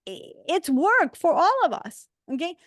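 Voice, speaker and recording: A woman teaching a faith class, telling a personal story in an earnest, animated way with many restarts. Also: very high voice, unhurried, no room sound, clean studio sound.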